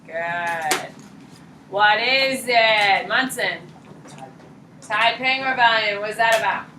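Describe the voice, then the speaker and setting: A woman teaching a high school history class, quizzing students by name in a blunt, casual way. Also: takes it slowly, pushed and bright. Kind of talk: classroom lecture and questioning. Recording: echoey classroom, distant mic, light noise.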